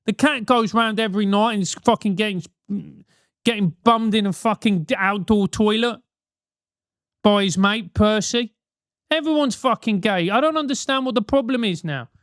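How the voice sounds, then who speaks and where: Studio-quality and free of room sound, the clip features a high, fairly bright male voice at normal speed. He's a British host of a comic advice show whose manner is blunt, mocking, and heavily profane.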